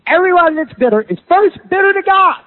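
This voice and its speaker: Preacher, male, sermon delivery: very high, animated voice, dramatic swings, thin phone-like recording. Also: fairly quick, dry recording. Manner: dramatic, swings from loud bursts to low asides. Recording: tinny phone-like sound.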